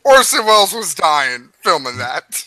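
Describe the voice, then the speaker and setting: A man's voice: a little high, big pitch swings, unhurried, sharp tone, slight background noise, low-quality recording. A man co-hosting a podcast, swearing and joking in casual banter on a close mic. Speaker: podcast co-host. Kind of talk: casual chat.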